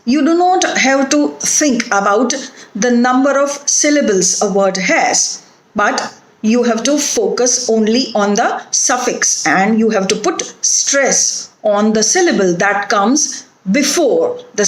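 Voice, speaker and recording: A woman with an Indian English accent giving a recorded phonetics lecture, speaking deliberately and spelling out letters one by one. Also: a little high, animated. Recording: echoey room.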